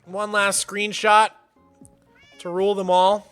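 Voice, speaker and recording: A man's voice: high-pitched, level tone, slow pace, clear, resonant tone, faint music behind. A man streaming a game live, chatting casually and playfully with viewers, laughing often and greeting newcomers by name. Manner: soft baby talk to his cat. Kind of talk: casual livestream chat.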